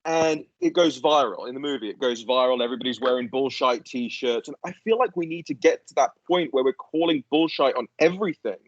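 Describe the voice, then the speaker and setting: A man's voice: medium pitch, a little fast, hardly any pauses, dull audio. A man as a guest in a casual political chat, ranting animatedly and swearing freely.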